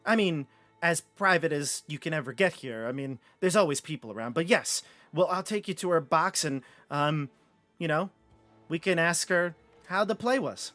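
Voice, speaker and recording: Man running a tabletop game, soft music. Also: on the high side, lively intonation, normal speed, no echo. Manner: casual, fillers while narrating. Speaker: game master. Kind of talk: narrating a tabletop game live.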